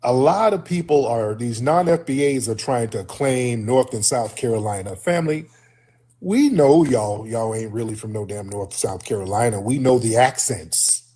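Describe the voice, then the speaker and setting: A man's voice: medium pitch, moderate pace, warm tone, husky. A man hosting a call-in livestream, talking in an emphatic way and repeating his points for his listeners. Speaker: host.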